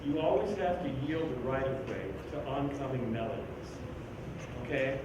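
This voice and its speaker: A man's voice: medium pitch, moderate pace, muffled recording. Echoey, distant man coaching a band. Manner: animated and joking, sings rhythms aloud. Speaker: band clinician conducting a rehearsal. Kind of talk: rehearsal instruction. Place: school band room, indoors. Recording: very echoey room from far off with background noise.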